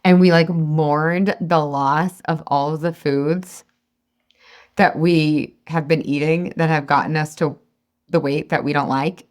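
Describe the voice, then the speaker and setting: A woman's voice: deep voice, fairly even intonation, measured pace, a little mellow. A woman in her thirties coaching a webinar audience on weight loss, chatty and encouraging, sometimes acting out her own inner voice.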